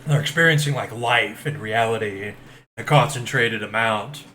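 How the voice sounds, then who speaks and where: A man's voice: medium pitch, moderate pace. A man playing a tabletop game online, talking hesitantly with lots of fillers and restarts. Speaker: player. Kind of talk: casual tabletop role-play. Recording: audible background noise.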